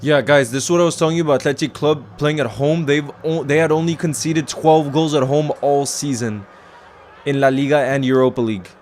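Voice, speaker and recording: A man's voice: fairly high pitch, fairly even intonation, a little fast, a little mellow, a little hiss or hum. A man hosting a live football watchalong, chatting casually, reacting to the match and reading out viewer comments. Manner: chatty, reads out viewer comments, talks to his pet. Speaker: football livestream host.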